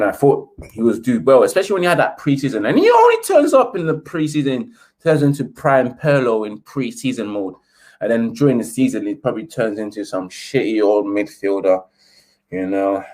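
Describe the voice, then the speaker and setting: A British man with a high voice, slightly sniffly, rants about football while hosting a casual live stream on his football channel. He is sarcastic and slips into a posh reading voice whenever he quotes something.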